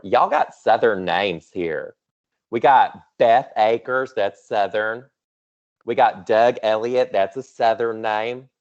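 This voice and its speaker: A man's voice: on the low side, dull audio. A man in his thirties giving a playful, chatty keynote to teachers over a video call, full of teasing asides. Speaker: keynote speaker. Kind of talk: virtual conference keynote.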